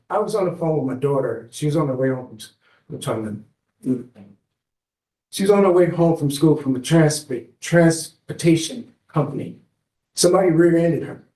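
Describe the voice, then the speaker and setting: A man's voice: a little high, warm tone. A man testifying as a defendant in a courtroom, telling his story in an anxious, rambling way and addressing the judge again and again. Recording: echoey courtroom, far from the mic.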